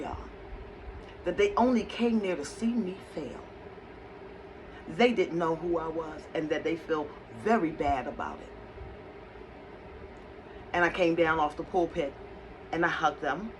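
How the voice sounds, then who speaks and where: A woman working as a psychic medium, telling a personal story in a conversational, animated way. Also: fairly low pitch, a little hiss or hum, low-quality recording. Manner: conversational, animated retelling with acted quotes.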